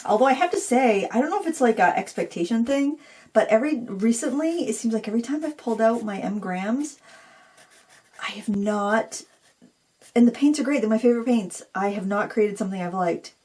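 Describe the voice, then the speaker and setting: A woman's voice: on the high side, expressive, a little fast, a little mellow. A middle-aged woman hosting a painting tutorial, rambling in a self-deprecating way as she talks to viewers while she works. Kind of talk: casual chatty painting tutorial.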